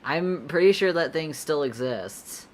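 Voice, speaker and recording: Very low-voiced, laid-back young woman streamer. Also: animated, measured pace, slight background noise. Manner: laid-back, rambling, giggly, slangy. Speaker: artist streamer answering chat. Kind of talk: casual livestream chat while drawing.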